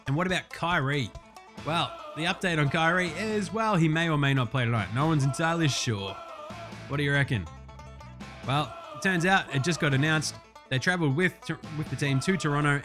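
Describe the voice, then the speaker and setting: A young Australian man hosting a casual sports podcast, loose and profane, getting excited over stats. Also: fairly high pitch. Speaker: podcast host.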